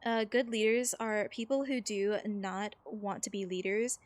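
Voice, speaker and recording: A woman's voice: medium pitch, fairly even intonation, unhurried. A woman streaming a game, chatting casually with viewers in a rambling, filler-heavy way and reading chat messages aloud. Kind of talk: casual chat while gaming.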